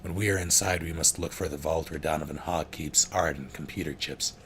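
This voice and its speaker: A man's voice: very deep voice, steady tone, fairly quick, fairly bright tone, slight background noise. A man voicing a young female thief who pleads urgently in clipped, broken phrases.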